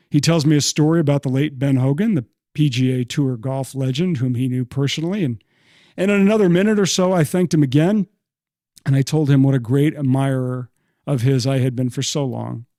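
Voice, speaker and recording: A man's voice: medium pitch, no room sound, studio quality. Middle-aged male sportswriter spinning a story. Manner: lively anecdotal telling, quick asides, self-deprecating. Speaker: podcast host and newspaper sportswriter. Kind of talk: first-person storytelling monologue.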